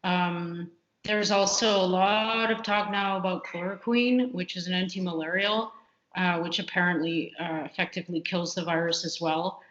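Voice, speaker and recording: A woman's voice: lowish voice, fairly even intonation, moderate pace, a bit bright. A woman, a computational biologist, answering interview questions in a casual way, with many fillers and restarts. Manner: frequent fillers and restarts, candid. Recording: muffled lo-fi audio in a roomy space.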